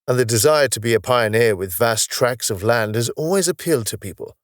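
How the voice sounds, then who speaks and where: A man's voice: mid-range voice, expressive, a little fast, no echo, studio quality, lightly acted. A man voicing a patient, explanatory space officer. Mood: explaining. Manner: patient, explanatory, lightly wry. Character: calm knowledgeable male future space officer.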